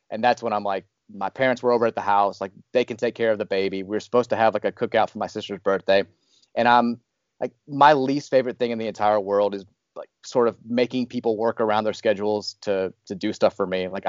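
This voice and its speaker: A podcast host telling a personal story in a casual, animated, rambling way. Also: male voice, on the low side, dry recording, highs cut off. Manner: animated, rambling, restarts often.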